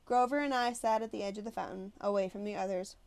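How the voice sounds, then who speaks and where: A woman narrating an audiobook in the first person with an expressive, conversational delivery. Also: medium pitch, quick pace.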